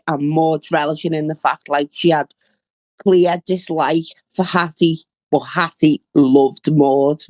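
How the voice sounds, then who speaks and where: A woman co-hosts a chatty podcast, walking through a sitcom plot at a very unhurried pace. Her voice is mid-pitched and the recording is dry, with little room sound. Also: fairly even intonation, darkish tone, dry recording. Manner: slow, storytelling delivery. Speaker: podcast co-host. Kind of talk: casual chat recapping a sitcom episode.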